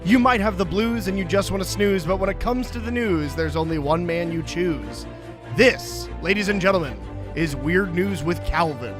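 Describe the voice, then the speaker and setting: A man with a higher voice rattles off a playful show intro like a hyped announcer. He builds it up with showy emphasis. Music plays clearly under him. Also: lively intonation. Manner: brisk, showy announcer delivery. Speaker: podcast co-host reading the show intro.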